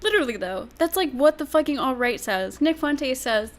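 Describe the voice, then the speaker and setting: A woman's voice: high-pitched, lively intonation, moderate pace, few pauses. A woman streamer reacting to clips, ranting bluntly and swearing freely. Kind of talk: casual livestream commentary.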